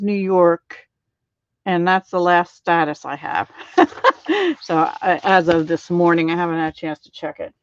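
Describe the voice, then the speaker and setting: A middle-aged woman demonstrating card making on a casual live stream, chatting with viewers by name and filling pauses with ums and little laughs. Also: mid-range voice. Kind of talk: casual live craft tutorial. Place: home craft room. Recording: dull lo-fi live stream audio.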